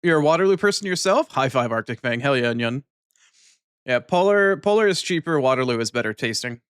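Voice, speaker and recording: Man, streamer, casual chat, swears, verbal tic, talks while eating, dry close sound, mid-pitched. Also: expressive, fairly quick, a bit bright, smooth, no room sound. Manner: loose, swearing, ends lines with a cat-like "nyan" tic. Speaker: live streamer.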